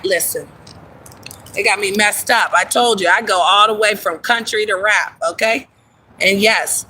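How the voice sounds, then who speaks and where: A woman hosting a casual livestream from her phone, chatting in an animated way and greeting viewers by name. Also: mid-range voice, low-quality recording. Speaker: livestream host.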